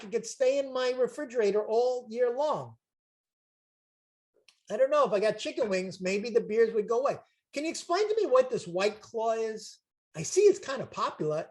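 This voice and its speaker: Emphatic older salesman. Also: very high voice. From Brooklyn, New York. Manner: emphatic, repetitive, jokey salesman patter. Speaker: chiropractic seminar promoter. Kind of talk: salesy coaching pitch on a video call. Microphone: video call.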